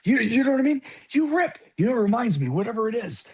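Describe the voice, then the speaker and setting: Husky, animated middle-aged man telling stories. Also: extremely high pitch, fast. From South Bronx, New York. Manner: animated, profane, acts out voices in anecdotes. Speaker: guest actor. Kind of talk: casual storytelling interview.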